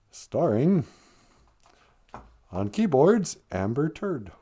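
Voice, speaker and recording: A man's voice: a little high, sing-song, very slow, dark tone, breathy edge. Playful joking male livestream host. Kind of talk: comedic livestream chat.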